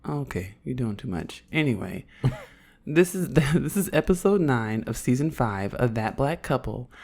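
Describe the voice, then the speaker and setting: A woman in her thirties from Oakland with an Oakland accent, co-hosting a podcast in casual banter, her voice hoarse and raspy, playful and blunt. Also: a bass voice, expressive, a little slow, a little mellow. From Oakland, California. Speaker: podcast co-host.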